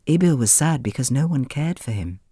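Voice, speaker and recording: A man reading a children's storybook aloud in a gentle, expressive manner. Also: medium pitch, a little fast, husky, dry recording, clean studio sound. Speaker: narrator. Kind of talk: storybook narration.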